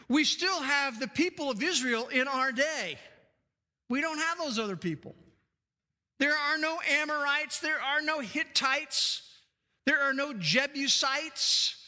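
Male preacher, very high, forceful voice, stressing points by repetition. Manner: emphatic, repeats key phrases for stress. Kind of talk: sermon. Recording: long hall reverb.

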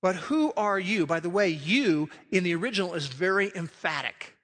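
A man preaching a sermon as pastor, emphatic, swelling loud and then dropping to a quiet hush. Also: high-pitched, expressive, moderate pace, in a large hall.

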